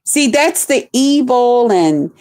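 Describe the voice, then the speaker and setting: A woman's voice: a little high, sing-song, slow, darkish tone. A woman streamer delivering an angry, profane, repetitive rant aimed at a rival.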